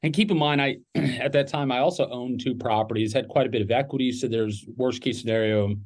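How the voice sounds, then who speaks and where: With a medium-pitched voice and a slightly fast pace, a middle-aged man guesting on a podcast rambles through a personal story about his business, full of fillers and restarts. He owns the business and keeps the telling casual.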